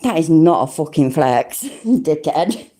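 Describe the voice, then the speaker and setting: A woman in her forties chatting casually on a livestream, reading chat out, swearing a lot and exclaiming loudly. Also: deep voice, animated, slow. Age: 40s. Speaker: livestream host.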